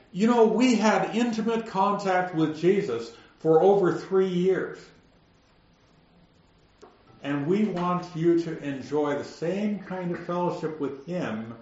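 A man teaching the Bible verse by verse, explaining the text and slowing down to stress key words. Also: on the high side, a little mellow. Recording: roomy, slightly dull recording.

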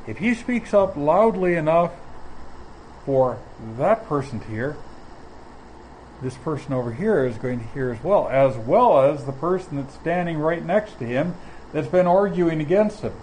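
A man teaching from the Bible in a measured, explanatory way, often pausing mid-phrase. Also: on the high side, expressive, darkish tone, slight background noise, poor audio. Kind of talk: sermon.

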